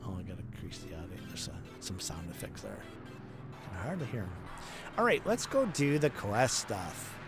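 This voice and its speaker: A man's voice: lowish voice, wildly swooping pitch, moderate pace. A man who develops games, casually talking through a test play of his own game and thinking aloud as he goes. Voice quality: chatty, thinking aloud with restarts. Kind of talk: casual gameplay commentary. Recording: music playing behind.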